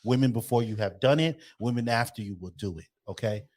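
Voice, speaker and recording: A man's voice: mid-range voice, brisk. A man co-hosting a podcast in casual chat, talking bluntly and animatedly with lots of swearing. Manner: blunt, profane, opinionated, animated. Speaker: podcast co-host.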